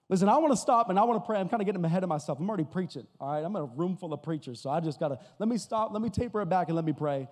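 A male pastor from Massachusetts preaching a sermon, telling a story with a joking, energetic delivery. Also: high voice, racing. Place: church hall before an audience. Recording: hall with long reverb.

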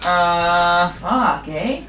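A woman hosting a podcast, chatting casually during a drinking card game, giggly and loud and swearing freely. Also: on the low side, drawn-out words. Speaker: podcast host. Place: bedroom. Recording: roomy, distant mic, noisy.

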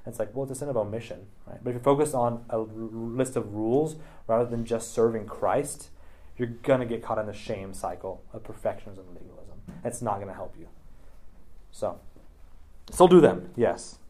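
A man's voice: on the low side, moderate pace, dark tone. Chatty man leading a Bible study. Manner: chatty, many "like" and "right?" tags. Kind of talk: casual teaching discussion.

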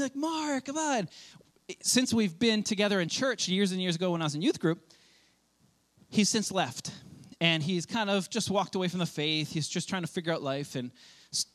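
Guy pastor w a pretty high voice, chatty sermon, keeps acting out little quotes. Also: a bit bright. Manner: conversational preaching with quoted asides.

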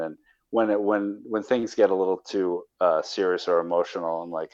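A man's voice: sits low, flat delivery, moderate pace, darkish tone. Rambling man on a dull line. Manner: rambling, restarts a lot. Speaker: caller and guest. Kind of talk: casual podcast interview.

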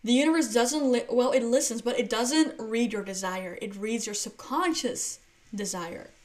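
A woman's voice: on the high side, moderate pace. A woman hosting a solo podcast, talking casually and explaining through playful everyday examples, with frequent restarts and fillers. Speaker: podcast host.

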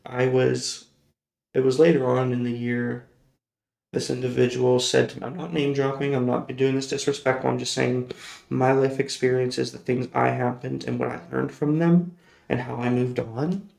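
A man's voice: medium pitch, flat delivery, moderate pace, vocal fry, a little mellow. A man hosting a personal storytelling podcast, rambling and correcting himself as he goes, laughing often. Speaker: podcast host. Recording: roomy echoey recording.

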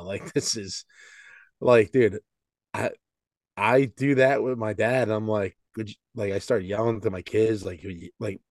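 A man's voice: on the low side, steady tone, a little slow, dry recording, studio quality. A man in his forties co-hosting a podcast, chatting casually and peppering his talk with "dude" and "like". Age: 40s. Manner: loose and slangy, peppered with "dude" and "like". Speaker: podcast co-host. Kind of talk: casual chat.

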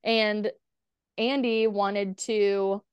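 Female podcast guest, candid storyteller who swears a lot, smooth clear voice on a dry close mic. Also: medium pitch, steady tone, very slow, no echo. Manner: candid, swears freely, quotes herself and others in dialogue. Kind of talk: casual storytelling interview.

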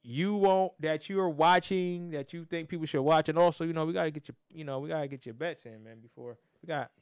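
A man hosts a casual sports podcast, slightly higher-pitched than most men. He talks in animated bursts that swing from loud to soft, restarting his sentences as he goes. The sound is dry, with no room echo. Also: a little fast, clear, resonant tone. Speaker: podcast host.

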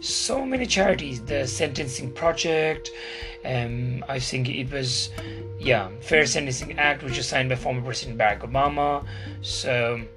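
A man's voice: mid-range voice, unhurried. A young man from Nepal hosting a casual talk to camera, rambling and digressive with jokey, self-deprecating asides. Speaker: video host. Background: guitar music.

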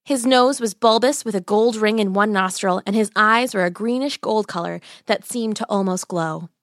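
A woman's voice: medium pitch, normal speed, fairly bright tone, no echo, studio quality. A woman reading a fairy tale aloud in a light, playful storytelling manner. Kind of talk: scripted narration.

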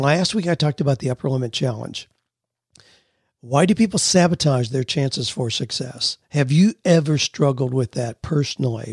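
A man's voice: medium pitch, darkish tone, no echo, studio quality. A man hosting a radio advice show, talking in a folksy, conversational way, explaining ideas with everyday examples and reading listener letters aloud.

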